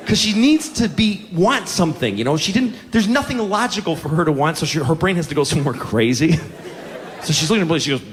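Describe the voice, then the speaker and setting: A man in his forties doing stand-up comedy, with animated, profane storytelling full of exasperated self-mockery. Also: a little high, quick pace. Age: 40s. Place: stage before a laughing audience. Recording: noisy live recording with audience laughter.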